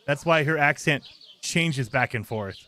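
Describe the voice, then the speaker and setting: Male let's-play host, casual and exasperated, slightly high pitch. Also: unhurried, sharp tone. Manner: exasperated, laughs often, talks over the game. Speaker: gaming channel host.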